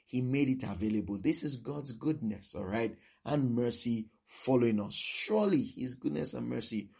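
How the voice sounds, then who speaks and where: Gravelly-voiced male preacher. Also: medium pitch, animated, moderate pace, darkish tone. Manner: repetitive, keeps asking "all right?". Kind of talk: sermon.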